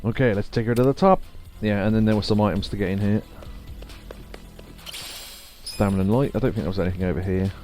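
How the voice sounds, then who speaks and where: A man chatting casually through a live game stream, joking and laughing, his voice a bit rough from a sore throat. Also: on the low side, fairly even intonation, quick pace, long pauses, darkish tone. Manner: chatty, laughs often, wry asides. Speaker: gaming streamer. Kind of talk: casual live gameplay commentary. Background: faint game music.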